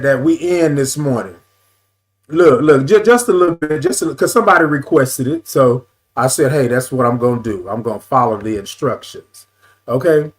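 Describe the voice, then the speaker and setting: In his casual morning live stream, a man welcomes viewers by name with stretched, sung greetings and frequent "y'all"s. He tends to repeat phrases and adjusts the camera while speaking, all in a mid-range voice.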